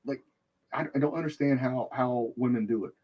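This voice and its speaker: A man's voice: medium pitch, brisk, highs cut off. A man hosting a podcast, telling a heated, profane story in casual chat, swearing constantly. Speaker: podcast host.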